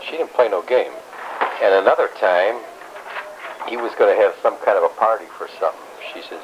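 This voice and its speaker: Older man, low voice, rambling stories. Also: animated, normal speed. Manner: rambling, blunt, salty language. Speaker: grandfather telling his life story. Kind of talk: casual family storytelling. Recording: dull home recording with faint hiss.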